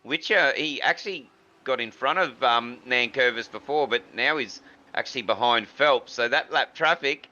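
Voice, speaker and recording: A man co-commentating a sim race in a relaxed way, with many fillers and restarts. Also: mid-range voice, normal speed, muffled recording.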